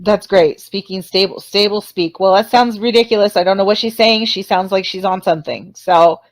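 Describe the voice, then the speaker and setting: Hosting a relaxed livestream, this woman speaks in a mid-range voice at a moderate pace with no room sound. She rambles, laughs frequently, and drops in apologetic asides.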